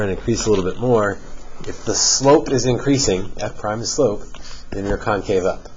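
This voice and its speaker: Man, middle-aged, low voice, math teacher, classroom lecture, relaxed joking asides, dull lo-fi sound. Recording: dull lo-fi classroom recording with faint hiss.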